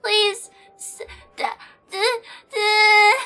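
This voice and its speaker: Very high, bright-voiced nervous woman streamer. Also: little pitch movement, drawn-out words, soft background music. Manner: nervous, giggly, stammering. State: shaky and near tears. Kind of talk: live stream chat with viewers.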